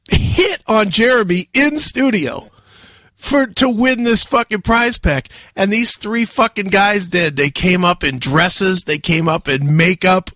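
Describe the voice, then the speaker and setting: A man hosting a radio talk show, telling a wild story loudly with lots of swearing and laughter. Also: high voice, no room sound. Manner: loud, profane, laughing storyteller. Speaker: radio host.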